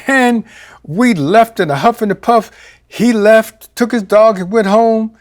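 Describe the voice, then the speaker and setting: A male minister with a high voice preaches a sermon at a moderate pace, telling a personal story. He swings between loud exclamations and quiet asides.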